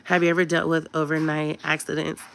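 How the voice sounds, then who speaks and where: A woman's voice: low-pitched, little pitch movement, brisk, gravelly, a bit bright, a little hiss or hum. A woman, giving parenting advice to her viewers in a chatty, emphatic way. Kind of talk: casual direct-to-camera advice talk.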